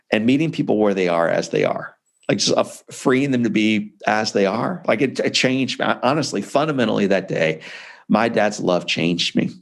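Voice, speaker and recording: A man's voice: medium pitch, vocal fry. A man being interviewed as an author, telling a personal story in an earnest, heartfelt way. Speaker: author and speaker, interview guest.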